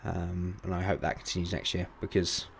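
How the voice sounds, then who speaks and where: This is a man hosting a casual podcast with friends. His voice sits a little low. He talks in an easy, chatty way and keeps nudging the talk back on track. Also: level tone, a little fast, creaky, a little hiss or hum. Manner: chatty, steering the talk, laughs often. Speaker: podcast host. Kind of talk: casual chat.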